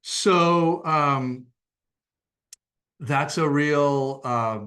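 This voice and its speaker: A male psychotherapist presents an educational talk with a measured, explanatory delivery. His voice sits fairly high for a man. He often pauses with "uh" as he gathers his thoughts. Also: a bit bright. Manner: measured and explanatory, with frequent "uh" fillers.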